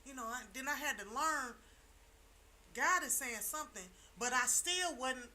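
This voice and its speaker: A woman's voice: sits high, normal speed, bright, forceful tone, slight background noise. A middle-aged woman talking on a chat show, telling her story emphatically and repeating her key lines like a preacher. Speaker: talk show panelist. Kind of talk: casual chat.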